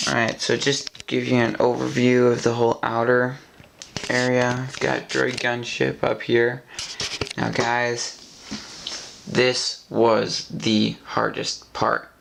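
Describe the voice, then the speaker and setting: A man giving a casual show-and-tell of a model he built at home, talking in a rambling way with many halting restarts. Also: medium pitch, vocal fry, fairly bright tone, a little hiss or hum, rough recording. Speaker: LEGO builder showing his model.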